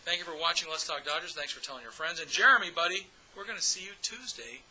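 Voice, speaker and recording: Bright-voiced chatty man hosting a fan podcast. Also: on the high side, quick pace, low-quality recording. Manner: chatty, upbeat, talks straight to the audience. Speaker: podcast host. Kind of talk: casual fan podcast monologue.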